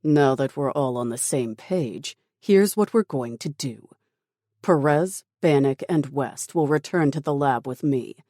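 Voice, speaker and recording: Casting: narrator doing a cold, dismissive commander, slow and dark, menace kept quiet. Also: medium pitch, no room sound, studio quality, close to an everyday voice. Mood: menacing. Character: ruthless calm male military commander.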